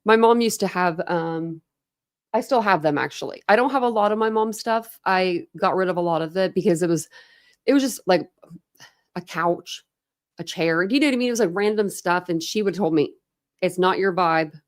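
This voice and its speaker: An American woman with a lowish voice talks at a normal speed while hosting a true crime livestream from a room at home. She chats loosely with her viewers, rambling from topic to topic with laughter and filler words, all picked up by a desk camera setup.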